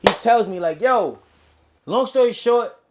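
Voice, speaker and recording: A man's voice: very high voice, noisy background. A man telling a story in casual street slang, acting out quoted lines as he goes. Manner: animated street slang, quick quoted dialogue. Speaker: interview guest.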